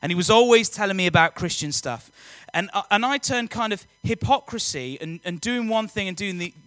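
High-voiced, jokey young man. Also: a little fast, dry recording. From England. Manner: energetic, jokey, audience-engaging. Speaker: youth speaker. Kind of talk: personal testimony talk to students.

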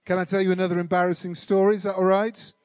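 A man preaches, weaving a self-mocking story into his sermon with lively, animated delivery. His voice sits high for a man, and the recording is dry and close with no room echo. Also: quick pace.

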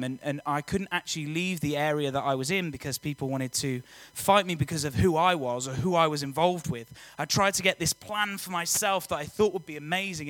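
A young man giving a lively, joking personal testimony talk to students, often quizzing the audience. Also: a little high, dry recording. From England. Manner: energetic, jokey, audience-engaging. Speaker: youth speaker.

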